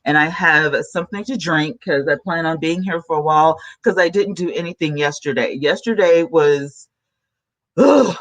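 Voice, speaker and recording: A woman with a soft, low-key voice chats casually with her viewers. She hosts a podcast from a desk at home. She talks into a new desk mic and snacks between sentences. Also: moderate pace, hardly any pauses. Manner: chatty, talks while snacking. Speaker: podcast host.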